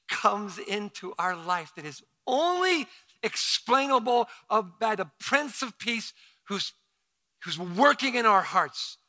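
A man with a high, very bright, forceful voice delivers a church sermon. He drops to a near-hush for intimate moments, then climbs into loud, ringing preaching. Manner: swings from hushed intimacy to shouted preaching. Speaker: pastor. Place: church with several campuses.

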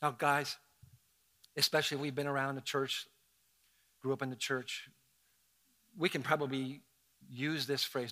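A man, the pastor, preaching a sermon in an animated, conversational, dramatic way. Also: medium pitch, normal speed, pauses often.

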